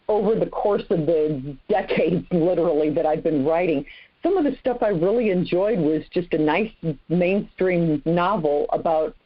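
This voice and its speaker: A woman author speaking as a podcast guest in a casual chat, self-deprecating and rambling with restarts. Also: lowish voice. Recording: dull lo-fi sound.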